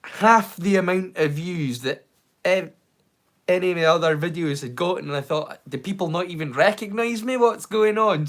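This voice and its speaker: A man's voice: a little high, a bit bright. A man with a Scottish accent hosting a live watch-along stream, chatting casually and rambling playfully into silly rhymes and jokes. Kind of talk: casual livestream chat.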